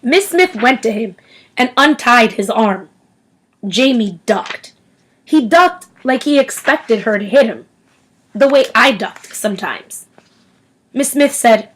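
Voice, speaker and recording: A woman reading a novel aloud in an expressive storytelling manner. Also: a little high, takes it slowly, long pauses, husky, low-quality recording. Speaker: audiobook reader.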